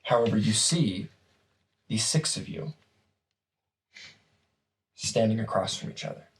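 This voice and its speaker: A man narrating a tabletop game as game master, slow and relaxed with frequent fillers. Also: on the low side, poor audio.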